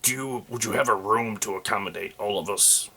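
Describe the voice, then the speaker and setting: A man voicing a plain-spoken male adventurer in a tabletop game, with a hesitant, halting delivery. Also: lowish voice, bright, forceful tone, husky, heavily acted.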